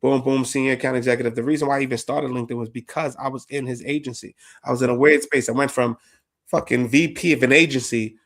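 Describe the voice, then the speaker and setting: A man hosting a casual interview podcast, talking in heavy slang and giving quick shout-outs. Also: mid-range voice, fairly even intonation. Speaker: podcast host.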